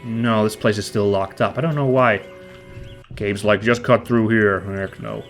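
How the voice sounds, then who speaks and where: A man's voice: fairly low pitch, steady tone, measured pace, soft background music. A man hosting a let's play, chatting casually and rambling upbeat while a little stuffy and nasal from a cold. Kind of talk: casual gameplay commentary.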